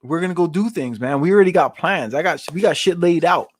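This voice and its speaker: A man's voice: on the high side, lively intonation, fast talker. A man in his forties hosting his channel, giving casual rambling advice in street slang and often asking "you know what I'm saying". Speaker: channel host.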